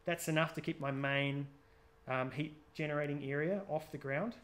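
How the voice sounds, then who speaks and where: A man's voice: on the high side, steady tone, normal speed, fairly bright tone. Chatty New man teaching outdoor safety. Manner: chatty, jokey, quizzes the audience. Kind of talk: live gear workshop talk.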